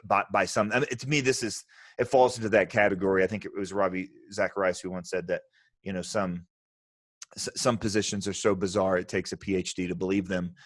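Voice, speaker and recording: A man's voice: low-pitched, level tone, fairly quick, dry recording, studio quality. A man hosting a podcast discussion, emphatic and thinking aloud as he talks. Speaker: podcast host. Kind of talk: casual discussion.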